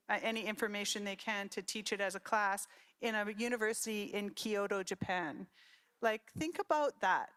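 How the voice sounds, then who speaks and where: Middle-aged woman from Saskatchewan, conference speaker, lively storyteller who quotes her family. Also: medium pitch, smooth. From Saskatchewan, Canada. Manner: storytelling, animated quoting of relatives. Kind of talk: conference talk with personal stories.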